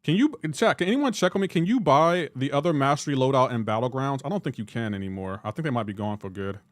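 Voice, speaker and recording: A young man live-streaming a mobile game, joking back and forth with his chat in a casual, animated way. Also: medium pitch, quick pace, dry recording, studio quality.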